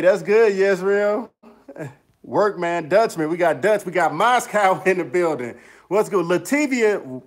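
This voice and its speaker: A man casually hosting a livestream, upbeat and chatty, greeting viewers by name and rambling with fillers. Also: medium pitch. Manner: upbeat, chatty, lots of shout-outs and fillers. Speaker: music producer and YouTuber hosting a livestream. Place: home studio in the mountains.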